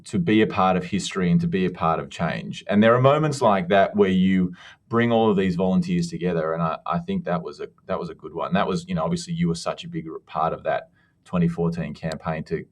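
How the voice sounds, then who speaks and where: Australian male guest, very low voice, easygoing and jokey, stumbles over restarts. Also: brisk. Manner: relaxed and joking, with repeated false starts. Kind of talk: casual podcast conversation.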